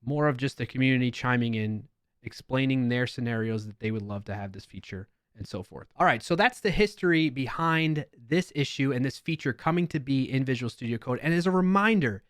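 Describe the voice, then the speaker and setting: A man's voice: mid-range voice, lively intonation, a little fast, smooth, dry recording, studio quality. A man with a New York accent giving casual reaction commentary as a developer YouTuber, with chatty, wry asides.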